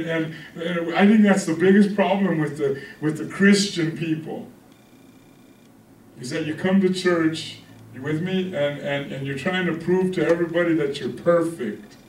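A pastor preaching a conversational sermon, often checking in with the congregation. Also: male voice, on the high side, steady tone, moderate pace, slight background noise. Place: church hall. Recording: echoey room from a distance.

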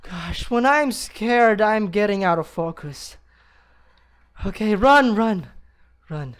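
Very high-voiced jumpy man gaming. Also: animated, takes it slowly, a bit bright, clear, resonant tone. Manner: jumpy, gasping and yelping, nervous laughter. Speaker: let's play gamer. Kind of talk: horror game commentary.

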